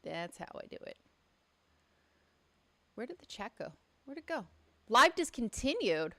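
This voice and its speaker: A woman hosting a casual livestream from her home studio speaks at a moderate pace with a high, pushed, bright voice, big pitch swings, and long pauses. Chatty and outspoken, she swears when annoyed, and her studio mic captures the room.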